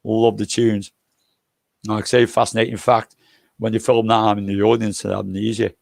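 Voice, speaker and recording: Gravelly older man telling loose stories. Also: lowish voice, level tone, normal speed, darkish tone, no room sound, studio quality. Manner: swears freely, loose and jokey. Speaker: livestream host. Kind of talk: casual rambling anecdotes.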